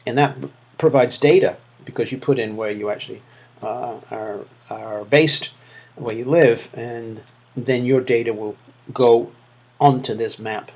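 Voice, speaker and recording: A man's voice: mid-range voice, fairly even intonation, measured pace, vocal fry, darkish tone. Hesitant Manchester-accented male lecturer. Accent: Manchester English. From England. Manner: hesitant, many fillers and restarts. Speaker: university lecturer. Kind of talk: recorded lecture feedback.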